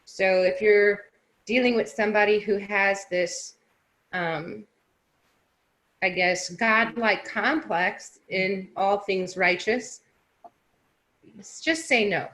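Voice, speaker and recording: A woman co-hosting a casual discussion, talking in a lively, chatty way with a sarcastic edge. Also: medium pitch, slow pace, pauses often.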